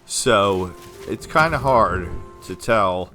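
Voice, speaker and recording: A man with a somewhat low voice rambles through casual let's-play commentary, talking to himself and laughing often. Faint game music plays underneath. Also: expressive, slow pace. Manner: chatty, rambling self-talk with frequent laughs. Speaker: gameplay commentator.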